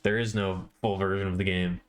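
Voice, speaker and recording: A man with a low, level voice speaks fairly quickly over a slight hiss or hum, chatting with viewers as he draws on stream. He rambles and regularly restarts his sentences to correct them.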